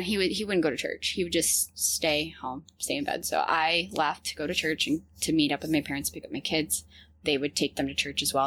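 A woman's voice: sits low, a bit bright, dry recording. A woman in her thirties telling a personal story with many fillers and restarts. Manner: hesitant, lots of fillers and restarts.

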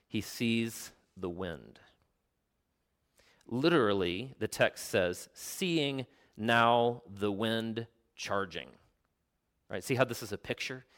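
A man preaching a sermon, telling stories with animation, explaining the original Greek, and dropping to a quiet, slow voice for emphasis. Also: medium pitch. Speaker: pastor.

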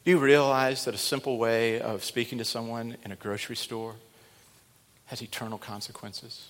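A middle-aged man preaching in a large church sanctuary. He swings from hushed, intimate asides to loud, fervent calls, and the long reverb of a big hall trails every phrase. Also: mid-range voice, level tone, normal speed. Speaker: pastor. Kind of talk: sermon.

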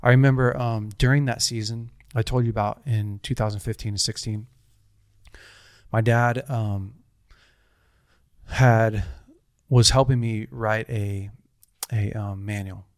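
A man's voice: lowish voice, steady tone, unhurried, long pauses, no room sound, clean studio sound. A man in his thirties telling a personal story in casual conversation, earnest and rambling, with frequent restarts.

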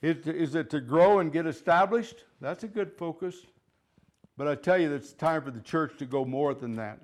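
A man preaching a sermon, fervent and emphatic, repeating phrases and swinging between loud declarations and quiet asides. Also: a little high, normal speed. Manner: fervent, rising and falling in loudness, chuckles between points.

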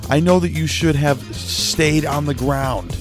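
A man voicing a brash young party guy who shouts in panic like a bro, keeping his yell hushed. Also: on the high side, measured pace, over music, voice pushed up, close to an everyday voice. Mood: panicked bro. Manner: loud bro-ish shouting, held back to a hushed yell.

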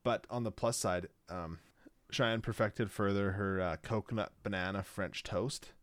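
A man's voice: fairly low pitch, steady tone, unhurried, fairly bright tone, no room sound. A man co-hosting a casual chat, rambling with lots of "like" and restarts.

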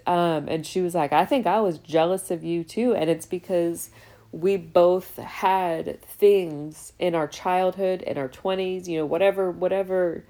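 Woman, 30s, low voice, mellow, podcast host, candid casual monologue, outspoken. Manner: candid and talkative, swears freely.

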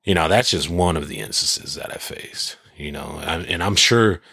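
Husky, deep-voiced man telling a story. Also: moderate pace, no echo, clean studio sound. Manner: profane, animated storyteller. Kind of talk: casual chat.

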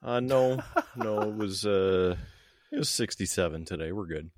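A man's voice: lowish voice, expressive, measured pace, no echo, clean studio sound. A middle-aged radio DJ and weatherman, a man, guesting on a podcast in a playful, jokey way. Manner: playful, jokey, breaks into mock voices. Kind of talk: casual podcast chat.

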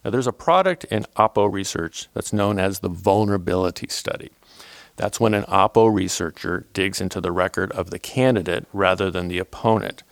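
A man hosting a political history podcast, reading a measured scripted narration. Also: sits low, no echo, clean studio sound. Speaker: podcast host.

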